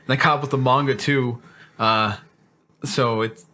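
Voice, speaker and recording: A laid-back man from the United States co-hosts a podcast. He agrees often and laughs easily. His voice is bright and tense, with a faint hiss behind him. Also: medium pitch, steady tone, moderate pace. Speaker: podcast co-host. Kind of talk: casual chat.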